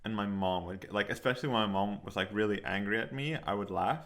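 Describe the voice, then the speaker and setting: Rambling young man with a very low voice. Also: quick pace, a bit bright. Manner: rambling, many fillers and restarts. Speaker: podcast co-host. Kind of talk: casual chat.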